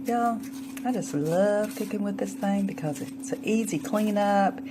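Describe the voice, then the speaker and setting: A woman's voice: medium pitch, unhurried, heavy background noise. A woman chatting folksily through a home cooking demo in her kitchen, humming as she tastes. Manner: folksy and chatty, hums while tasting.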